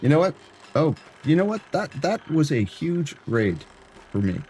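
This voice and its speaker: A man's voice: a little high, sing-song, normal speed, a little mellow, faint music behind. A man from Canada, a variety streamer chatting casually and jokingly with his live-stream chat.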